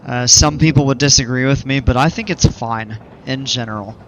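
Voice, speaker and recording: A man's voice: medium pitch, normal speed, fairly bright tone, slight background noise. A man casually commenting on a game during a live stream, chatting with viewers in an easygoing, rambling way.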